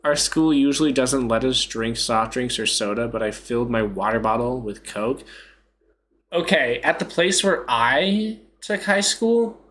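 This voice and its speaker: A man's voice: medium pitch, a little slow, a bit bright. A young man chatting casually on a live stream, joking, self-mocking and laughing often.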